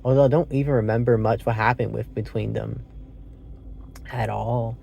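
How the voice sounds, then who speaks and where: Gravelly man rambling through a film review. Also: medium pitch, steady tone, normal speed, warm tone, highs cut off, slight background noise. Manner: rambling, thinks aloud with many fillers and self-corrections; swears casually. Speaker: movie reviewer. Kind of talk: casual solo film review.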